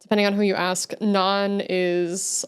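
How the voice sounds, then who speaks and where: A young woman hosting a relaxed livestream, taking her time as she chats with her viewers into a desk mic. She answers them with easy giggles. Her voice sits at an ordinary middle pitch. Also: a little slow, smooth. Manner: chatty, giggly, answers chat aloud with frequent laughter. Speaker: livestream host. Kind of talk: casual chat with viewers while drawing.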